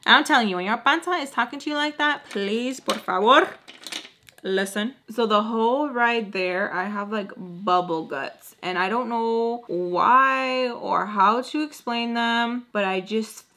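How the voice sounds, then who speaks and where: Young female beauty vlogger, bright, fairly high voice. Animated storytelling, swears freely, drops Spanish words into her English. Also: a little slow. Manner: acts out quoted voices. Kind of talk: storytime while doing makeup.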